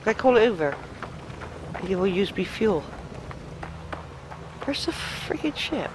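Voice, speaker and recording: Excitable woman swearing at a game. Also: medium pitch, unhurried, background noise. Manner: excitable, mutters and swears to herself. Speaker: let's play gamer. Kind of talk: gameplay commentary.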